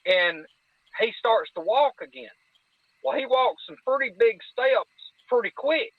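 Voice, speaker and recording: A man's voice: sits high, no echo. A man, telling a hunting-ground story in a casual way, with lots of quoted back-and-forth. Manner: vivid retelling with quoted dialogue. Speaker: guest storyteller. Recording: tinny phone-line audio.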